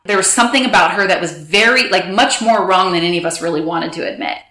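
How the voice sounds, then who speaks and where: A woman recounting a personal story with emotion, halting and restarting, quoting others in quick bursts. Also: on the low side, pushed and bright, reverberant. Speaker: guest telling her story.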